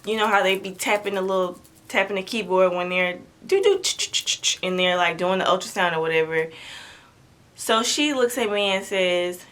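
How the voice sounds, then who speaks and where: A woman's voice: medium pitch, pushed and bright. A young woman vlogger telling her own story in a chatty, dramatic way, acting out what people said. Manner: chatty, dramatic, acts out quotes. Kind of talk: animated storytelling to camera.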